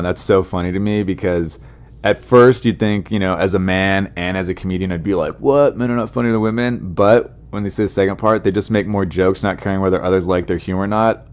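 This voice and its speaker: A comedian hosts his own podcast in a loose, rambling monologue. His voice sits very low, and he keeps poking fun at himself while tossing asides to the listeners. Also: fairly even intonation, a little fast, clear, resonant tone. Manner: rambling, self-deprecating, chatty asides to listeners.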